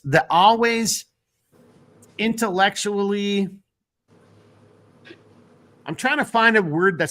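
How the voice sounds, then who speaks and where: A man's voice: on the high side, a bit bright. A man hosting a casual late-night chat show, rambling, restarting his sentences and swearing freely. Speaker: podcast host.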